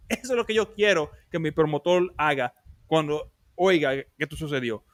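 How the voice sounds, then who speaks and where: Heated high-voiced man hosting a boxing livestream. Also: a bit bright, no room sound, studio quality. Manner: heated, emphatic, switches between English and Spanish. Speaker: livestream boxing show host. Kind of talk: casual livestream commentary.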